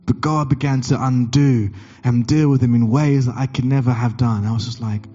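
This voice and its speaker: A male pastor preaching in a lively, storytelling way, acting out each line of dialogue with sudden leaps in pitch. The recording is a bit muffled, with faint music underneath. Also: moderate pace, hardly any pauses. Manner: animated, acts out dialogue with big pitch jumps. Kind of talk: sermon with storytelling.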